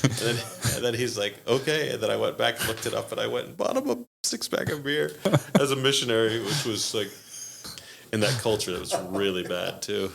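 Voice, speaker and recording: A man's voice: lowish voice, fairly quick, creaky, a little hiss or hum. A man, a podcast guest, telling stories in a casual way and acting out the people he quotes. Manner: animated, acts out quoted voices with laughs. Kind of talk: casual storytelling.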